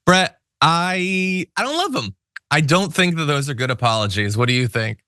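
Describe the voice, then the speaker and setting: A man's voice: on the high side, big pitch swings, normal speed, bright, forceful tone, no room sound, studio quality. A man hosting a political news show, talking in a wry, sarcastic way and reading out viewer comments.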